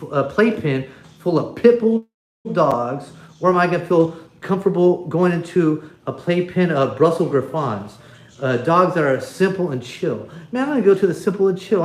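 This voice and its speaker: A man with a somewhat high voice rants bluntly into a phone on a casual livestream. He swears freely, restarts his sentences and wanders off track. The phone picks up a lot of echo from the room. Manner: blunt, profane, rambling with restarts. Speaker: livestream host.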